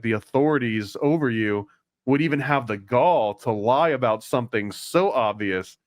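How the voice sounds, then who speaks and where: A man co-hosting a podcast, casually retelling and analyzing an old cartoon, rambling with quick asides. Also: medium pitch, no room sound, studio quality. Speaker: podcast co-host. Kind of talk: casual discussion.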